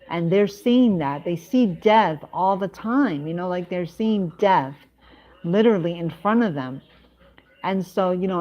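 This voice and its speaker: A woman hosting her own live stream, talking casually and haltingly, with many restarts and fillers. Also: lowish voice. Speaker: livestream host. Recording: dull lo-fi sound.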